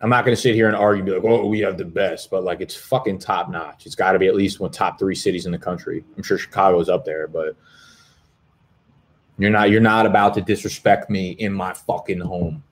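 A man's voice: low voice, steady tone, fairly quick. A man, hosting a live stream in profane, rambling casual chat. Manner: profane, rambling, swears constantly.

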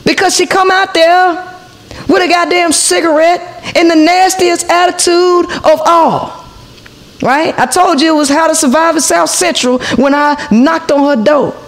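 A woman's voice: very high-pitched, steady tone, unhurried. A woman in her forties, hosting a podcast, tells a heated story to her viewers, profane and full of asides to the audience. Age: 40s. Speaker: podcast host.

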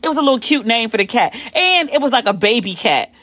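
Talking fast in a voice on the high side, an American woman hosting a podcast spins a rambling, animated monologue right into the microphone. She swears freely and mimics the people she quotes, and the recording is dry and close with no room around her.

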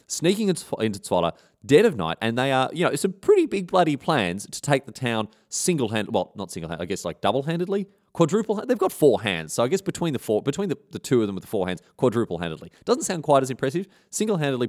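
A man's voice: medium pitch, a little mellow. Irreverent Australian man spinning a yarn. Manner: slangy, irreverent, rambling asides. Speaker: storyteller. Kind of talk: comic history storytelling.

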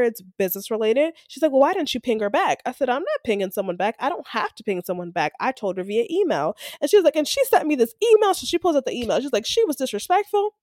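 Animated woman podcast host. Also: fairly high pitch, dry recording, clean studio sound. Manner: animated, acts out quoted coworkers. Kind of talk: casual storytelling chat.

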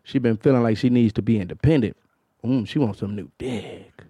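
A man hosting a podcast, chatting casually with crude, animated storytelling. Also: mid-range voice, a little fast, no echo. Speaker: podcast host. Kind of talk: casual comedic chat.

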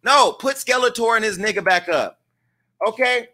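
Brief: male comedic gossip host, sassy and theatrical, bright edgy tone. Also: high-pitched, big pitch swings, normal speed. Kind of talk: comedic celebrity gossip commentary. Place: home studio with lights.

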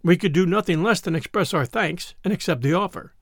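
Male audiobook narrator, high-pitched voice, gravelly, dry close sound, measured storytelling. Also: no room sound. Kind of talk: scripted narration.

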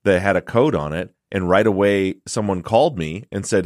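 A man co-hosting a podcast, telling a story in casual chat, swearing freely and acting out his own shouting. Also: low-pitched, normal speed, hardly any pauses, no echo, clean studio sound. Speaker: podcast co-host.

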